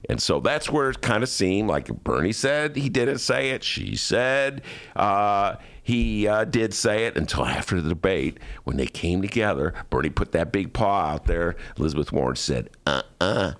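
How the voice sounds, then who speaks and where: A man hosting a casual political talk show from a studio, animated and joking, sometimes mimicking politicians. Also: fairly low pitch, normal speed. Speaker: podcast host.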